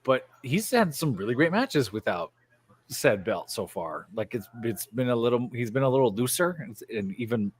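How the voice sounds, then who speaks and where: A young man co-hosting a casual wrestling podcast over a remote stream. He talks in an animated way, laughs often and drops into goofy voices for quotes. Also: medium pitch, normal speed, slightly rough. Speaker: podcast co-host. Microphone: remote stream mic.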